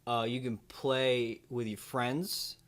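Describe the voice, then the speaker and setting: A man's voice: mid-range voice, level tone, slow, fairly bright tone. A man hosting a comedy video, playing an overconfident movie ranker who rambles and stumbles over his words. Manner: bumbling, rambling, with many fillers and restarts.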